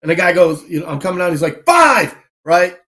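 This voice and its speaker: A man in casual chat, telling a story with lively energy and acting out other people's lines. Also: fairly high pitch, fast. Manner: animated, acts out voices and shouts in anecdotes. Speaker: podcast host.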